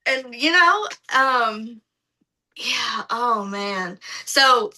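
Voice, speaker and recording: Woman guest, high bright voice, lively casual storyteller. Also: drawn-out words, poor audio. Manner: lively, acts out other people's lines in her retelling. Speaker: podcast guest.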